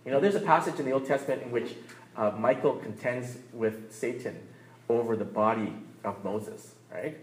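A man's voice: mid-range voice, moderate pace. A man in his thirties preaching a sermon in a conversational way, often checking in with "right?" and laughing between points. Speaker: pastor. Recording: roomy echo.

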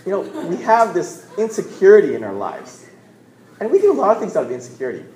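A man's voice: high-pitched, huge pitch swings, quick pace, warm tone. Man preaching in a roomy hall. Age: 40s. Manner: conversational storytelling, repeats words, asks "right?". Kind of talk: sermon. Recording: roomy echo.

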